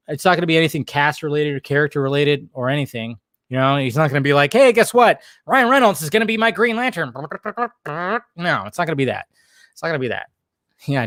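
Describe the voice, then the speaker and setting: A man's voice: fairly high pitch, fairly bright tone, smooth, dry recording, clean studio sound. A young man hosting a casual livestream, reading chat and rambling, jokey and full of swearing.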